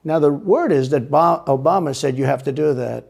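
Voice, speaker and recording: A man's voice: on the high side, moderate pace, gravelly, a little mellow, slightly rough. A man answering interview questions in a rambling, repetitive and emphatic way. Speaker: interview guest.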